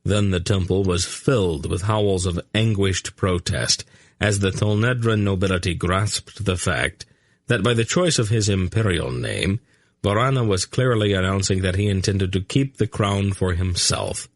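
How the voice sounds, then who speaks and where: Slow, gravelly male audiobook narrator. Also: deep voice, no echo, clean studio sound. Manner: slow, measured reading with character voices. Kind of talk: scripted narration.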